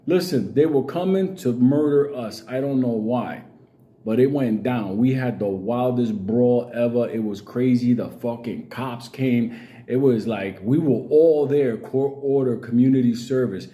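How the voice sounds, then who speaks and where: A man's voice: medium pitch, measured pace, dark tone. A middle-aged man telling a rambling, profane story in casual vlog talk, laughing at his own tale. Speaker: vlogger.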